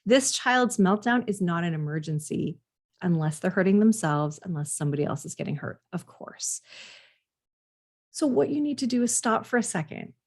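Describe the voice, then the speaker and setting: A woman's voice: fairly low pitch, animated, moderate pace. A woman parenting coach giving direct advice, speaking earnestly straight to the listener.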